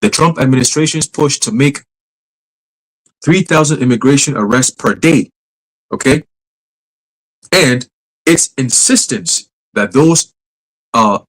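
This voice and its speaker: Guy on a podcast reading out a news piece, mid pitch, tripping over words, swearing in his asides. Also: a little slow, pauses often, fairly bright tone, low-quality recording. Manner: casual, swears, stumbles and rereads words. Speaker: podcast host. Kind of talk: reading a news article aloud with commentary.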